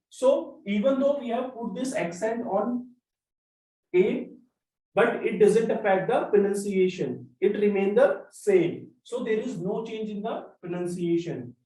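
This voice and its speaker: A slow, methodical, high-pitched male French teacher gives a classroom lesson, explaining step by step and spelling out letters. The room is echoey, and the mic sits at a distance.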